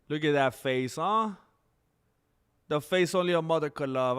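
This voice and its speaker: A man with a fairly high voice hosting a loose, casual livestream. He rambles, reacts to the chat as he goes, and fills his pauses with plenty of ums. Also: animated, a bit bright, clear, resonant tone. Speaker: livestream host. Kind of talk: casual live-stream chat.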